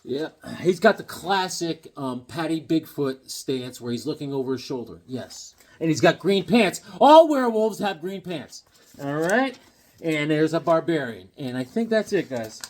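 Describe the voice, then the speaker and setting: A man in his fifties talks casually to camera in a rambling, jokey way, slipping into silly voices now and then. His voice sits a little high for a man. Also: big pitch swings, a little slow, darkish tone. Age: 50s. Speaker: comic collector and hobby artist.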